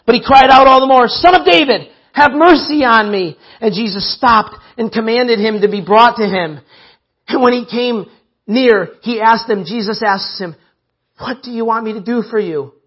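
High, husky male preacher, emphatic repeats; lo-fi church recording. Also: moderate pace. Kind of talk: sermon.

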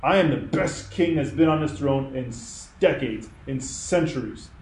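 A man preaching voices a proud, indignant ancient king who boasts loudly with a raised voice. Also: sits high, big pitch swings, a little slow, roomy sound, a little hiss or hum, pitched above the performer's own voice, poor audio. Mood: indignant boasting. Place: church.

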